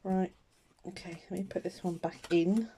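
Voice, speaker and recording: A woman's voice: lowish voice, steady tone, normal speed, dark tone, a little hiss or hum. Chatty woman colouring. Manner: chatty and self-mocking, with little laughs and mutters to herself. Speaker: colouring vlogger. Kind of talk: casual chat while colouring.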